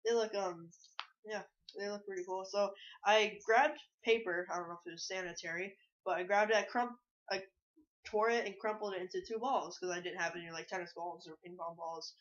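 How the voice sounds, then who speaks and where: A young man telling a funny story among friends, halting and laughing as he goes. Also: sits high, fairly even intonation, fairly bright tone. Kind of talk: casual storytelling. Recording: muffled lo-fi recording.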